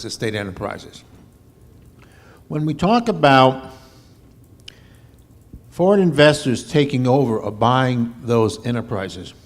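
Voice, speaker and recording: A man in a conference audience asking a question in a conversational, thinking-aloud way. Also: medium pitch.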